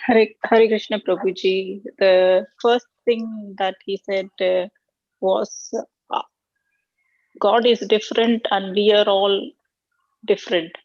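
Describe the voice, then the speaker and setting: A woman student answers her teacher on an online call. She speaks slowly and in a flat tone, with hesitant pauses. Her audio sounds dull and dry. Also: mid-range voice, no room sound. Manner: hesitant, with many pauses and fillers.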